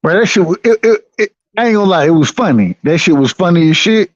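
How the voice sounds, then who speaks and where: A man's voice: high voice, animated, quick pace, no echo. A man from the United States, chatting casually about boxing in a laid-back, profane way and repeating himself a lot. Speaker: boxing podcast co-host. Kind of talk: casual chat. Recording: dry, slightly dull sound.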